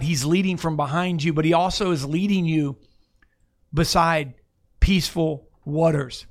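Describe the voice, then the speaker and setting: A pastor with a slightly high, steady voice preaches an off-the-cuff sermon at an unhurried pace. Talking casually and conversationally with restarts, he asks listeners to look up verses.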